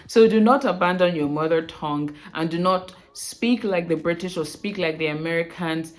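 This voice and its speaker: A young woman from Nigeria with a Nigerian accent, coaching viewers on pronunciation in a casual, emphatic, animated way. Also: fairly low pitch, moderate pace, hardly any pauses. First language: Bini. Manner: animated, emphatic, repeats words for correction. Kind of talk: casual talking-head lesson.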